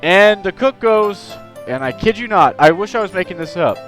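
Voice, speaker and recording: A young man chatting on a live stream, telling an animated, rambling story. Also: high-pitched, normal speed, faint music behind, poor audio. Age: young adult. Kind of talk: casual live-stream chat.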